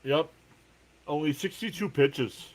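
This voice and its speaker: A man from New Jersey with a New Jersey accent, hosting a live baseball reaction stream, calling pitches and chatting with viewers' comments. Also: slow pace. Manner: relaxed, chatty, reads viewer comments aloud between pitches. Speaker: live sports reaction host. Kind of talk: live baseball play-by-play and chat.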